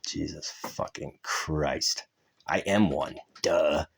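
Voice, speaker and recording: A man's voice: a bass voice, takes it slowly, vocal fry, breathy edge. A man hosting a podcast, talking in a casual, rambling way, full of swearing and tangents. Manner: rambling, profane, laughs mid-sentence. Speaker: podcast host.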